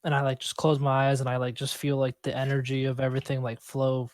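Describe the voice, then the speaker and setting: A man's voice: medium pitch, flat delivery, fast, no echo. Brief: rambling male player, casual chat, dry close mic. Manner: rambling, lots of "like".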